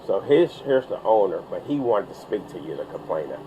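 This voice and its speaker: Rambling police officer on body cam. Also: male voice, deep voice, sing-song, background noise. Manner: rambling, halting. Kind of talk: informal briefing. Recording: body cam audio in a car.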